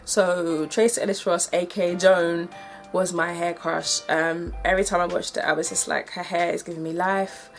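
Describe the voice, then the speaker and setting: Chatty upbeat British woman, lowish voice. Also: flat delivery, normal speed, soft background music. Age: 20s. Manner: chatty and upbeat, filler-heavy with "like" and "um". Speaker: hair vlogger. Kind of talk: casual to-camera chat.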